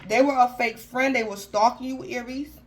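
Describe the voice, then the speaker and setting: In a casual tarot reading, a woman keeps calling out her listener's sign by name, chatting in slangy language with frequent restarts. Her voice is on the high side and steady, at a moderate pace, over poor audio.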